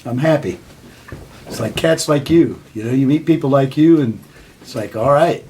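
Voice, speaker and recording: A man's voice: mid-range voice, normal speed, darkish tone, slight background noise. An older man, a band member, talking earnestly and reflectively in an interview.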